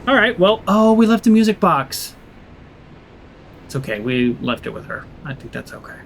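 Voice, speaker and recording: A man's voice: high voice, big pitch swings, normal speed, creaky, slight background noise, rough recording. A man playing through a video game and commenting as he goes, musing aloud in a sarcastic, grumbling way. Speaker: gaming channel host. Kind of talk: let's play commentary.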